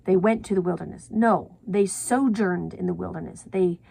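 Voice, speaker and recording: A woman's voice: lowish voice, moderate pace, creaky, warm tone, husky. A woman teaching a writing class, chatty and self-correcting, sometimes dropping to a whisper for her examples.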